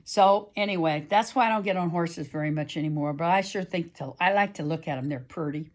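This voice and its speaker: Chatty woman storyteller, animated delivery. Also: lowish voice, a little fast. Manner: chatty, animated, addresses listeners as folks. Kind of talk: live oral storytelling.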